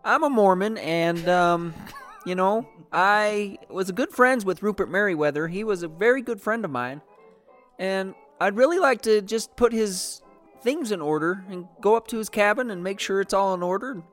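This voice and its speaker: A woman's voice: mid-range voice, animated, normal speed, faint music behind. Earnest woman playing a polite missionary. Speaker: player. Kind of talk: in-character tabletop play.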